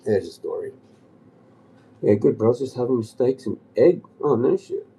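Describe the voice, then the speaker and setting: A man's voice: medium pitch, unhurried, long pauses, dark tone, poor audio. A man on a livestream telling a long rambling story, agitated and swearing often. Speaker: live streamer.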